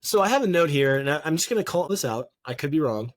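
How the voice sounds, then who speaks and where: A man's voice: a little high, sing-song, fast, no room sound. A man co-hosting a podcast, reading Bible passages aloud and chatting casually about them with offhand jokes. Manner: reads scripture aloud, then riffs with offhand jokes. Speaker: podcast co-host. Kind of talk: casual Bible study chat.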